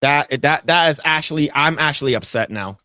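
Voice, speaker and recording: A man's voice: fairly high pitch, brisk, sharp tone, smooth, no room sound, clean studio sound. A man co-hosting a podcast, chatting casually while he draws, rambling and repeating himself and swearing freely when annoyed. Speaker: podcast co-host. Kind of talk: casual chat while drawing on stream.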